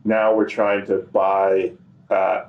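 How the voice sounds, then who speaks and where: A man appearing as a podcast guest, talking about his work in a relaxed, rambling way full of fillers. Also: low voice, slow pace, phone-quality sound. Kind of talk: casual chat.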